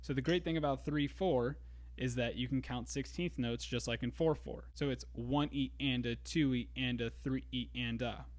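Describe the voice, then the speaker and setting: A man teaching a drum lesson in a relaxed way, explaining grooves step by step. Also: medium pitch, normal speed. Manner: counts beats aloud, easygoing explaining. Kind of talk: casual instructional talk. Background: drum kit and metronome.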